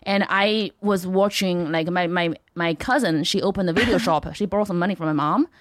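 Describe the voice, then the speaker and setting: A woman in her thirties from China with a Chinese accent, a comedian telling deadpan stories as a podcast guest and acting out the voices of people she quotes. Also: lowish voice, a little fast, dry recording, studio quality. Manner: deadpan comic storytelling, acts out quoted voices. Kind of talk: podcast chat.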